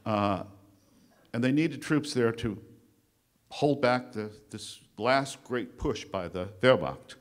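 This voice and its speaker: A man giving a talk to a conference audience, telling history in a loose, conversational way with frequent pauses. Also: mid-range voice. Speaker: conference speaker. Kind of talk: lecture at a conference. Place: conference room before an audience.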